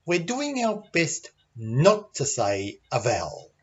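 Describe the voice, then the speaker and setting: A man with an Australian accent teaching English pronunciation in a patient, deliberate way and demonstrating the sounds he explains. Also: a little high, wildly swooping pitch, slightly rough, muffled recording. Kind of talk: slow, deliberate teaching lesson.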